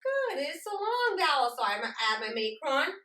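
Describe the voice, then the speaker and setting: A woman teaching a children's phonics lesson, speaking slowly and deliberately and sounding out words, recorded with a roomy echo from a distance. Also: high-pitched, sing-song, sharp tone. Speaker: literacy teacher.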